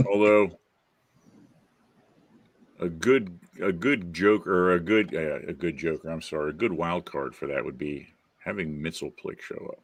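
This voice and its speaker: A man hosting a casual movie chat, enthusiastic and quick to laugh. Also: low voice, no room sound. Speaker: podcast host.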